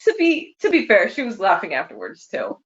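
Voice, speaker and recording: A woman's voice: medium pitch, huge pitch swings, fairly quick. A woman casually telling funny family anecdotes to her mother and laughing often. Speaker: family member sharing memories. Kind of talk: casual storytelling. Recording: echoey room, dull sound.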